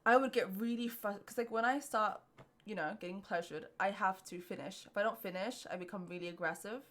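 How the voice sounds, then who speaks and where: A woman's voice: medium pitch, a little fast, fairly bright tone. A young woman co-hosting a podcast, telling frank stories in casual chat with plenty of swearing and laughter. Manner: blunt, profane, laughing storyteller. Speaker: podcast co-host.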